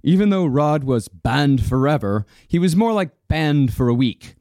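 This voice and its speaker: A man narrating a story for a podcast in loose, profane chat, his pitch sitting a bit high and swinging widely. The sound is dry and close. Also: normal speed, no room sound. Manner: animated, swears freely, laughs often.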